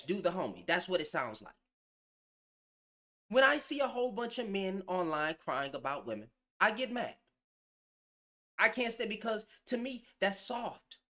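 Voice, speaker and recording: A man's voice: extremely high pitch, fairly bright tone. A man ranting to camera in blunt, slang-heavy commentary, calling people out. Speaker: vlogger.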